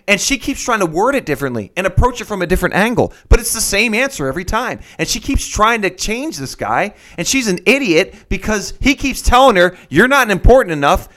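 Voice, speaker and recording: A man with a slightly high voice, chatting casually. He tells the story with energy and drops into different voices for the people he quotes. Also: fairly quick, few pauses. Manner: animated storyteller who acts out quotes in shifting voices. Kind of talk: casual chat.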